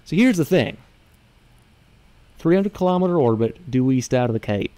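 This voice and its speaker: A man's voice: medium pitch, expressive, moderate pace, mellow, natural voice. Guy doing a folksy texas car salesman, thick drawl, calls everyone son. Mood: salesman pitch. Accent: put-on Texas drawl. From Minnesota. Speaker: podcast co-host. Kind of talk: comedic character podcast.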